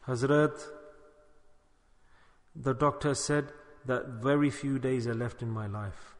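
A man with a mid-range voice speaks slowly as he preaches a sermon, telling a story and urging his listeners on. He weaves Urdu and Arabic religious words into his speech, and the recording carries a long hall reverb.

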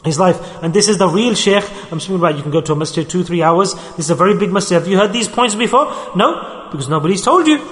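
A man's voice: high-pitched, expressive, fast talker, fairly bright tone. A man preaching a sermon in a large mosque, emphatic and storytelling, with many rhetorical questions. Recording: echoey hall reverb.

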